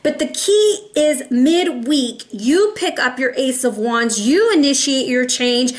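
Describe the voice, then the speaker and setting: A woman with a fairly high voice gives a casual tarot reading, chatting with her viewers and calling them y'all. Her delivery is loose and animated, and she drops in the odd Spanish word. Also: slow pace. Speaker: tarot reader.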